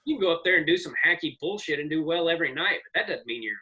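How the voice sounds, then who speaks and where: A man in his forties, a comedian guest telling rambling, animated stories in casual podcast chat. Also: a little high, rapid-fire, muffled recording. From American South. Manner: rambling, animated storyteller with profanity.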